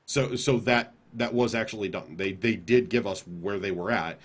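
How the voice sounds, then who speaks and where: A man co-hosting a casual gaming podcast, explaining things with emphasis and quick restarts. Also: fairly low pitch. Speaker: podcast co-host.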